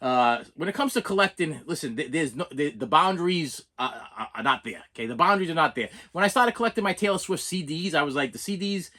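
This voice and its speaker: A man with a Boston accent talks his way through an unboxing in a loose, rambling way. He keeps restarting his sentences and pokes fun at himself. His voice sits a little high and sounds sharp and bright. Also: lively intonation, fast talker, hardly any pauses. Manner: rambling and self-deprecating, many restarts. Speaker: collector vlogger. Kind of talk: casual unboxing chat.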